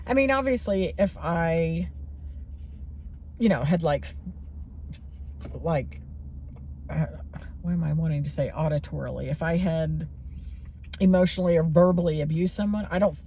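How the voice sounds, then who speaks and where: Woman, forties, low voice, mellow tone, candid, rambling, reflective vlog talk. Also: unhurried, long pauses, a little hiss or hum. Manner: candid, rambling, many fillers and restarts. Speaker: vlogger.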